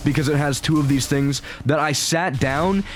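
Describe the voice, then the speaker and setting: Excitable, foul-mouthed gaming commentator man. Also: on the high side, moderate pace. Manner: excitable, profane, rambling. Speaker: gaming YouTuber. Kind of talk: casual gameplay commentary.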